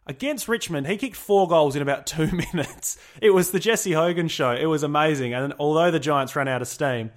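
A young Australian man hosting a casual sports podcast, blunt and joking. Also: a little high. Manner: blunt, joking, lively banter. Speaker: podcast host.

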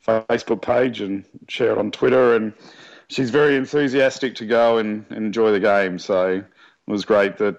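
A man's voice: on the low side, steady tone, normal speed, vocal fry. A man chatting easily as a podcast co-host. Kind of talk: casual chat. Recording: dull lo-fi sound.

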